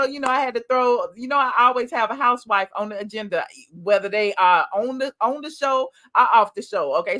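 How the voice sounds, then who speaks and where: Woman streamer, a bit hoarse, chatty, higher voice, desk mic at home. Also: pushed and bright. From Atlanta. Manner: chatty, talks straight to viewers. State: a little hoarse. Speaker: livestream gossip host. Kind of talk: casual livestream chat. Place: home office. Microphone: USB desk mic.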